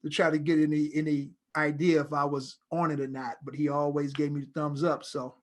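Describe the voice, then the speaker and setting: A middle-aged man tells stories as a guest in a casual interview. His voice sits a little high, and he rambles through anecdotes with lively animation. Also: a little fast. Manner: animated storyteller, loose and rambling.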